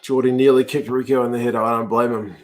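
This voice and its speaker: A man's voice: mid-range voice, flat delivery, quick pace. A man hosting a live rugby watch-along, chatting casually, reacting to the play and answering viewer comments. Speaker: host.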